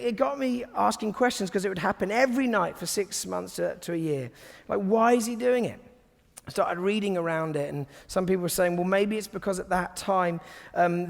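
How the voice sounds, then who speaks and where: A man giving a sermon to a congregation, conversational and humorous, often dropping to soft, hushed tones. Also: sits high, gravelly, in a large hall. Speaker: guest preacher. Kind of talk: sermon with personal stories.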